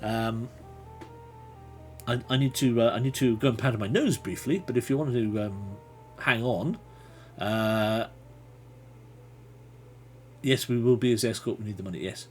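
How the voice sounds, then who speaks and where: A man's voice: mid-range voice, unhurried, pauses often, soft background music. A man hosting a livestream as game master, reading a gamebook aloud and chatting with viewers, laughing often and thinking aloud. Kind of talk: reading a gamebook live with chat.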